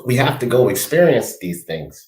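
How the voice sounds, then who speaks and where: A man hosts a casual live talk stream and rambles as he goes. He reads viewer comments aloud and answers people by name. His voice sits in a middle pitch and bounces around an echoey room. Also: very animated, moderate pace, darkish tone. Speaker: livestream host reading chat.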